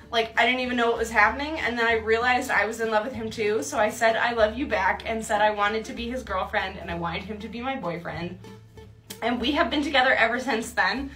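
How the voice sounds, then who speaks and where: A woman's voice: a little high, bright, forceful tone, roomy sound. A young woman telling a personal story in a chatty way, laughing often and acting out her own thoughts. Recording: distant mic with faint music.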